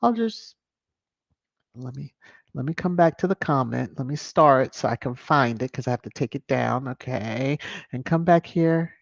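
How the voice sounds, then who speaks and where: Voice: medium pitch, normal speed, creaky, dry recording. Chatty live stream host, lo-fi sound. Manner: chatty and animated, laughing often. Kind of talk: casual live stream chat, reading viewer comments aloud. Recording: dull lo-fi dry stream audio.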